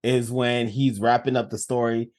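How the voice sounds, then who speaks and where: A man co-hosting a casual podcast, lively and laughing often. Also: mid-range voice, normal speed. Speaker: podcast co-host. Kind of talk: casual chat.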